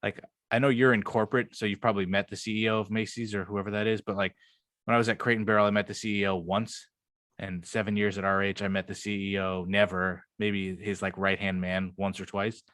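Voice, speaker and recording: A man's voice: lowish voice, level tone, fairly quick, fairly bright tone, no room sound, clean studio sound. A young man co-hosting a podcast, talking in a loose, rambling way and swearing often. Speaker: podcast co-host. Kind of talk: casual chat.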